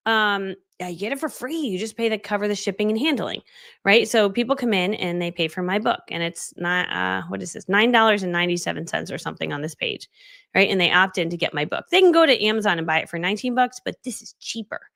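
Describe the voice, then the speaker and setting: Bubbly, gravelly-voiced woman coach. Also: mid-range voice, expressive, fast, a bit bright, no room sound, clean studio sound. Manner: bubbly, chatty, laughs often, reads out viewer comments. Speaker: business coach hosting a livestream. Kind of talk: live-streamed casual coaching talk. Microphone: studio dynamic microphone.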